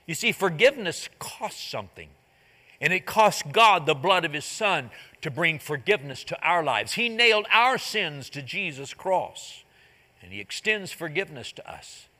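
Bright-voiced preacher in a reverberant hall. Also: male voice, on the high side, very animated, normal speed. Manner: retells a parable, acting out its characters' voices. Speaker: pastor. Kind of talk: sermon. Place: church sanctuary.

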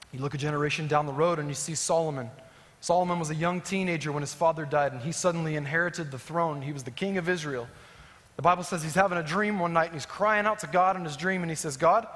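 A man preaching as a pastor, swinging between emphatic rising lines and soft, low endings. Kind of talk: sermon. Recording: long hall reverb.

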